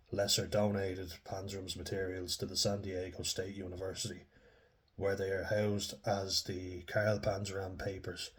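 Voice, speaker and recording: A man giving rambling, chatty commentary on a true crime story, often reading passages aloud. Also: sits low. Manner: rambling and chatty, with laughs and restarts.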